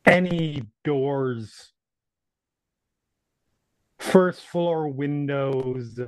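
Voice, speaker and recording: Male player, slow and careful questioner, dry close recording. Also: fairly high pitch, clean tone, no room sound. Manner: inquisitive, asks careful questions. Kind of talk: tabletop game play.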